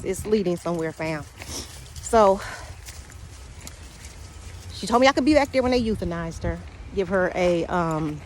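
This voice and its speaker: Woman telling a story while walking her dog outdoors. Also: fairly low pitch. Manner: rambling, halting, talks to her dog mid-story. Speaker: spiritual vlogger. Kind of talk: casual storytelling. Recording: outdoor noise behind the voice.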